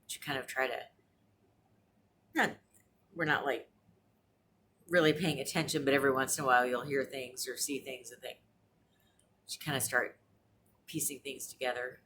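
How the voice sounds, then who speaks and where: A woman around forty talks casually at home for her vlog in a low, deep voice. She rambles along with plenty of fillers and restarts. A faint hiss sits under the recording. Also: fairly even intonation, normal speed, long pauses, fairly bright tone. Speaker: vlogger. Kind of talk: casual chat. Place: apartment.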